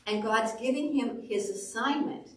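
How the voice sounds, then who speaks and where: A woman pastor preaching a sermon, telling stories with animated delivery and acting out quotes. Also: on the high side, a little slow, recorded from a distance. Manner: animated storytelling, acts out quotes. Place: church sanctuary. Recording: echoey room, voice off the mic.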